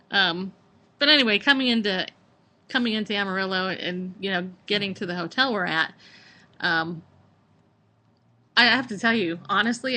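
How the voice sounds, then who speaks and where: A woman's voice: mid-range voice, bright, forceful tone. A woman from California, rambling casually about a road trip as a podcast host, with lots of fillers and laughter. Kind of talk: casual travel chat.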